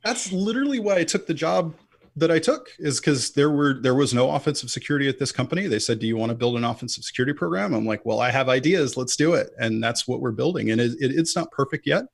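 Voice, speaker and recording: Guy with a gravelly voice chatting loose on a podcast, lots of "like", dry close sound. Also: mid-range voice, quick pace, hardly any pauses, dry recording. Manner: loose and chatty, frequent "like" fillers. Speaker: podcast guest, offensive security lead. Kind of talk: casual conversational chat.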